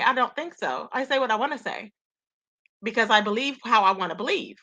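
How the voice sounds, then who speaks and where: A woman hosting a live gossip commentary stream, chatty and animated, greeting viewers from the chat by name. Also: on the high side, a little fast. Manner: animated, chatty, slangy, reading chat names aloud. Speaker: YouTube commentary host.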